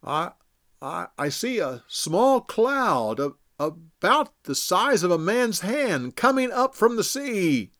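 A man voicing a timid male servant who answers quietly and stammers. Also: high voice, very animated, takes it slowly, pitched above the performer's own voice, heavily acted.

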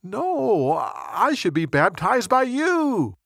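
A man's voice: high-pitched, huge pitch swings, slow, creaky, fairly bright tone, no echo, studio quality, voice pushed up, heavily acted. A man voicing a fervent male desert prophet who preaches repentance, speaking in a raised, urgent, proclaiming way in a storybook narration. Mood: humble.

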